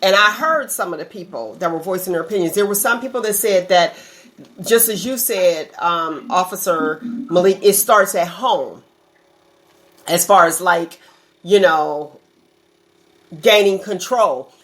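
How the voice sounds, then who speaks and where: A woman hosting a casual interview, asking quick conversational follow-up questions. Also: on the low side, poor audio. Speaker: talk show host.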